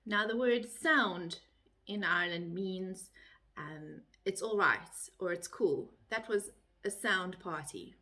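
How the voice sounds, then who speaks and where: A woman's voice: mid-range voice, takes it slowly, pushed and bright. A woman from South Africa with a South African accent, casually explaining phrases to the camera in a light-hearted, chatty way. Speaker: vlogger.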